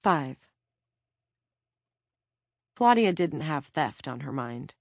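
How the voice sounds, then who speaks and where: A woman reads a novel aloud in a steady, measured way. Her voice sits very low, and the recording is dry and close with no room echo. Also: creaky. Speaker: audiobook narrator. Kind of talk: scripted narration.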